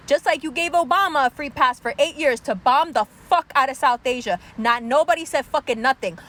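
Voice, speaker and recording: An angry woman tears into her subject in a sarcastic, profanity-laced rant. Her voice sits high, and a faint hum of background noise runs under it. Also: fairly bright tone. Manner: angry, sarcastic, heavy swearing. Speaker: political commentator.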